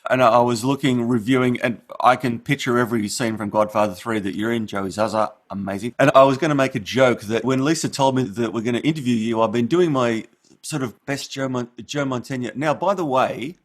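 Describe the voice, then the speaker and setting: A man co-hosts a podcast interview at an everyday middle pitch. He tells stories in a lively, joking way, full of asides and playful self-mockery. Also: a little fast. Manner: animated, joking storyteller. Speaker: co-host. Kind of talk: casual interview chat.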